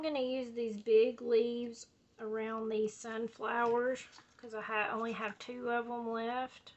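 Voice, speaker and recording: A woman's voice: on the high side, little pitch movement, measured pace, muffled recording. A woman, chatting casually and rambling while she does a scrapbooking project at home. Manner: chatty, drawling, says y'all and like a lot. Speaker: scrapbooking video host.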